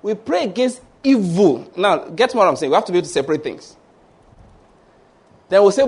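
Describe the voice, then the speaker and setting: A man with a Nigerian English accent preaching a sermon, telling stories, acting out voices and breaking into shouted mock prayers. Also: high voice, sing-song, a little fast, pauses often, slightly rough. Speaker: pastor.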